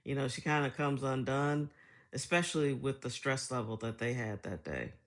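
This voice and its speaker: A woman's voice: extremely low pitch, normal speed. Chatty middle-aged woman telling stories. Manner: storytelling, laughs often, chatty and reflective. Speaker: vlogger. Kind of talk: casual monologue.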